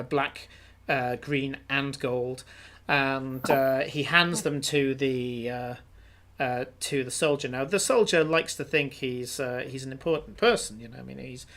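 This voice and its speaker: A man's voice: mid-range voice, fairly bright tone. A man narrating as game master of a tabletop game, rambling with many filler sounds.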